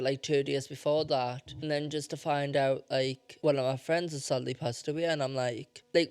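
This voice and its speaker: A man's voice: a little high, clean tone, no echo. A young man hosting his own podcast, rambling and emotional as he talks. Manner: rambling, self-interrupting, emotional. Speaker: podcast host. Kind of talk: casual solo podcast talk.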